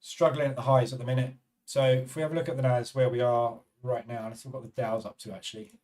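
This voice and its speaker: A man's voice: medium pitch, flat delivery, fast, a little mellow, recorded from a distance. A man hosting a live trading stream, chatting casually and thinking aloud about the markets as he reads replies to viewers.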